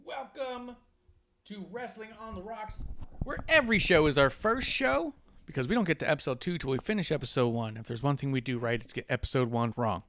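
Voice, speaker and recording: A man's voice: fairly high pitch, expressive, fairly quick, fairly bright tone, dry recording. A man hosting a comedy podcast, teasing his co-hosts in a playful, joking way. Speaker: podcast host. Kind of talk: casual comedic podcast banter.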